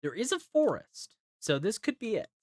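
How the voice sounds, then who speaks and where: A man's voice: sits high, very animated, moderate pace, darkish tone, no room sound. A tired man streaming a video game live, thinking aloud and rambling with restarts. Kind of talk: live gameplay commentary.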